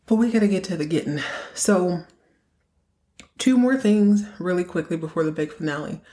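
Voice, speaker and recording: A woman's voice: on the low side, moderate pace, mellow. A woman hosting a podcast, recapping a TV episode in a chatty, joking way and acting out quotes. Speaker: podcast host.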